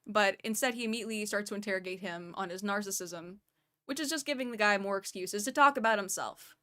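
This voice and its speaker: A woman's voice: medium pitch, quick pace, a bit bright. A woman streamer giving casual, analytical commentary on a voice chat clip and speaking straight to her chat. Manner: analytical, talks to chat directly.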